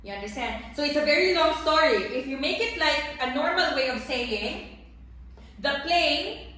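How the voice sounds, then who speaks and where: High-voiced teacher in an echoey classroom. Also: female voice, animated, normal speed, bright, forceful tone. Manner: checks understanding with repeated questions, switches into Russian and Tajik to explain. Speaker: English teacher. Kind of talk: classroom grammar lesson.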